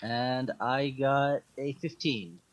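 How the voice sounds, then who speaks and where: A man's voice: medium pitch, takes it slowly, dull audio. A man playing a tabletop game, speaking in a laid-back, matter-of-fact way. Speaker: player. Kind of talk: casual tabletop play.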